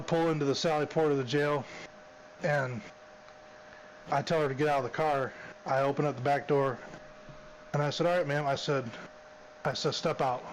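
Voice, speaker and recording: A man's voice: a little high, a little hiss or hum, poor audio. A man, a former police officer, casually telling a story, drawling and repeating "I said" and "she's like".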